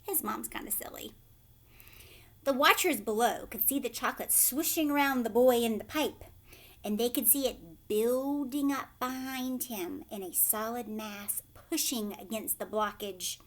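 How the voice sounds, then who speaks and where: A woman teacher reading a chapter book aloud to children, pausing to ask questions in whispered asides. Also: on the high side.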